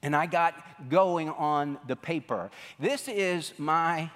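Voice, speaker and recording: Folksy pastor in a reverberant hall. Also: male voice, on the high side, slow pace. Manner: folksy storytelling, animated quoting. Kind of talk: sermon. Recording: long reverb of a large hall.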